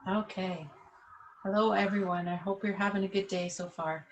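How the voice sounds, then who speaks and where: A woman yoga instructor leading a class over a webcam, giving calm, slow guided instructions. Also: mid-range voice, muffled recording.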